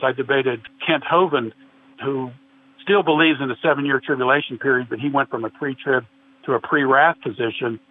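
A man guest in a religious discussion, earnestly explaining and quoting scripture at length. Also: medium pitch. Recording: tinny phone-like line with faint hiss.

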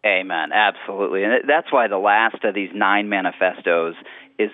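Man in his thirties, low voice, earnest preacherly cadence, tinny phone line, dry. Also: moderate pace, dry recording. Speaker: author and guest. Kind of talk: radio interview talk.

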